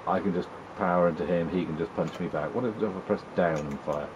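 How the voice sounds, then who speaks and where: A man's voice: sits low, a little fast, highs cut off, noisy background. A man giving wry, chatty commentary while playing an old video game, teasing the characters on screen. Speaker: retro gaming video host. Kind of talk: casual gameplay commentary.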